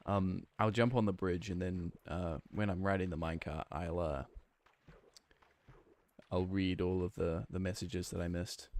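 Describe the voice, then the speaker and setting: A man with a New Zealand accent speaks in a low, a little mellow voice, fairly even in intonation and a little slow. He's a game streamer in casual conversation, rambling playfully with plenty of fillers as he thinks aloud, plays and reads chat.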